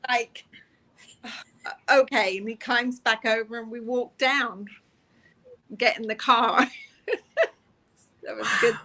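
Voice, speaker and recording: A woman's voice: a little high, fairly even intonation, slow, long pauses, bright, forceful tone. A middle-aged woman from England, a police officer, chatting and laughing as she tells her stories in an interview. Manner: chatty, self-deprecating, laughs while telling stories. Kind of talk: casual interview storytelling.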